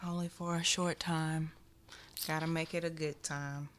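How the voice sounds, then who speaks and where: A woman's voice: low voice, flat delivery, measured pace. A woman co-hosting a podcast, chatting casually and reacting with dry, brief remarks. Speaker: podcast co-host. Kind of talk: casual chat.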